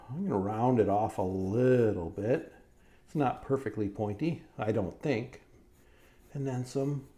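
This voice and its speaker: Man, middle-aged, cartoonist, drawing lesson for kids, unhurried, mellow tone, encouraging. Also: medium pitch. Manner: friendly, encouraging, asks "right?" often.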